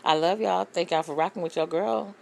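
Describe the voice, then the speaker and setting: A woman's voice: on the low side, fairly quick, creaky. A woman hosting a casual reaction commentary, blunt, profane and opinionated. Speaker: host.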